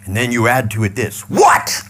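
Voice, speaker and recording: A man leading a live audience through a mental exercise, mixing blunt swearing with calm repeated cues. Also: fairly low pitch, moderate pace, slight background noise. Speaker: seminar trainer.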